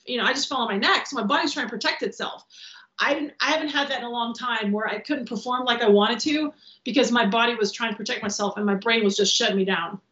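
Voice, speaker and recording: Animated woman telling stunt stories. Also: on the high side. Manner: animated, acts out quotes, swears freely. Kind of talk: casual podcast storytelling. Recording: roomy, dull lo-fi podcast audio.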